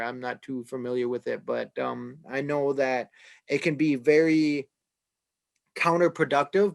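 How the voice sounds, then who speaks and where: A man on a podcast panel, talking through politics casually and hesitantly, with many fillers and restarts. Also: medium pitch.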